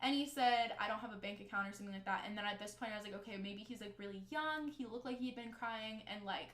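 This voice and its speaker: A young woman telling a story from her own life in casual storytime style, animated and swearing freely as she quotes the people involved. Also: medium pitch, fast talker, reverberant.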